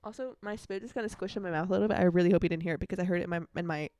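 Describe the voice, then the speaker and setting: A woman's voice: lowish voice, racing, darkish tone, clean tone, no echo. Chatty young woman, dry close sound. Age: young adult. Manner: chatty, rambling, bursts into snatches of song. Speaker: podcast host. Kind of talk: casual solo podcast chat. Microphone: earbuds.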